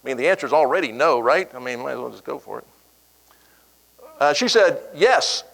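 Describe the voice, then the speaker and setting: Middle-aged guy telling a story to a crowd, mid pitch, jumps up high for the quotes. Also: fairly quick, gravelly, low-quality recording. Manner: animated storyteller, acting out quoted voices. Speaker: keynote speaker. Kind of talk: storytelling speech.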